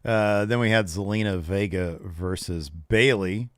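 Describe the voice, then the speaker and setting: Male co-host, slightly low voice, easygoing wrestling recap full of "uh"s, dry close mic. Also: measured pace, dry recording. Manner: relaxed recapping with filler "uh"s, quotes wrestlers in a raised voice. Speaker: podcast co-host.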